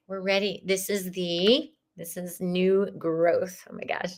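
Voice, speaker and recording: A woman with a soft, earnest manner, giving a live spiritual tarot reading. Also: lowish voice, moderate pace. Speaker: tarot reader.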